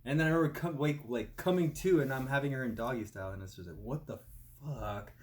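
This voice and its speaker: A man's voice: mid-range voice, lively intonation, racing. A young man in casual chat, laid-back and slangy. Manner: laid-back, calls people "dude".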